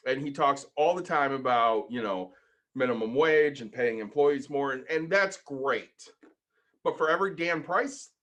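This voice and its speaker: A man co-hosting a casual podcast, explaining his points in a measured way and asking pointed questions. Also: mid-range voice, animated, fairly bright tone. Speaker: podcast co-host. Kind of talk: casual chat.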